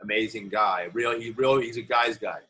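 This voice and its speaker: A man, an actor being interviewed, telling animated anecdotes from film sets in a casual way. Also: fairly low pitch, moderate pace, a little hiss or hum, low-quality recording. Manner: animated anecdotes, acts out quoted voices. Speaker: actor guest. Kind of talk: interview storytelling.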